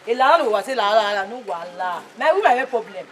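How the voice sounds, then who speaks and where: A woman's voice: medium pitch, expressive, quick pace, a bit bright, lightly acted. An actress with a Nigerian Pidgin accent playing an indignant young woman caught up in a household quarrel. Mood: arguing. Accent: Nigerian Pidgin English. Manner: argumentative, pleading, quarrelsome. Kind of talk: Nollywood comedy film acting. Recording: distant mic with noisy background.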